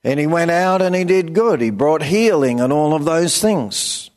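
A man's voice: a little high, lively intonation, moderate pace, darkish tone. An older man with an Australian accent preaching a sermon, telling plain-spoken stories and acting out quoted voices. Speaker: pastor.

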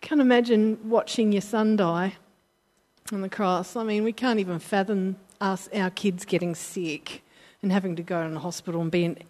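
A woman preacher from Britain or Australia gives an informal, heartfelt sermon in a mid-range, darkish voice with fairly even intonation at normal speed. She's emotional and earnest, often restarting her rambling sentences and acting out the voices of people she quotes.

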